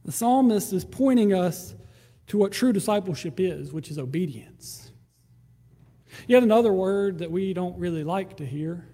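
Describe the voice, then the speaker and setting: A man's voice: high voice, expressive, moderate pace, warm tone, in a large hall. A man preaching a sermon in a conversational way, acting out prayers and quoted voices. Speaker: pastor.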